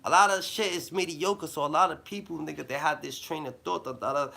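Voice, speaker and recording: A man giving rambling motivational advice in loose slang, with a habitual "da, da, da" filler, dropping low and then bursting louder. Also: steady tone, brisk, vocal fry. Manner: loose slang-heavy talk with a repeated "da, da, da" filler; swings between low mumbling and loud bursts. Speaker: vlogger giving life advice.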